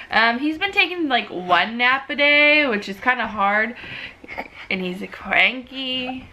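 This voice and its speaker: A young woman, a mom, chatting casually in a home video about her baby, sick at the moment, and sometimes cooing to him in a high sing-song voice. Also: animated, measured pace, sharp tone. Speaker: mom vlogger. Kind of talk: casual baby update vlog. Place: home living room. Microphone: camera on a tripod.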